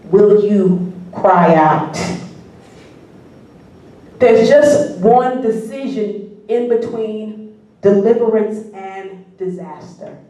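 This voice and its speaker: A woman's voice: medium pitch, animated, extremely slow, long pauses, dark tone. A woman pastor preaching a sermon, drawing the congregation in with questions and answers and building fervor. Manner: preaching with call and response, rising fervor. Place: church sanctuary. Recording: echoey church hall from far off.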